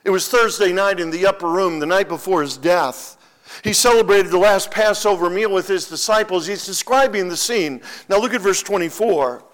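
A pastor preaches a sermon in a high-pitched, fairly bright voice at normal speed. He is emphatic, repeating key phrases to give them weight.

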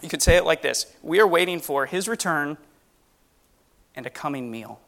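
A man's voice: a little high, lively intonation, moderate pace, vocal fry, fairly bright tone. A man preaching a sermon on the Lord's Supper, earnest and emphatic, asking the congregation rhetorical questions.

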